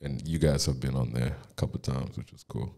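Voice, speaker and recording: A man's voice: rumbling low, steady tone, brisk, warm tone. A man co-hosting a podcast in casual chat, teasing his guests and laughing often. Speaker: podcast co-host.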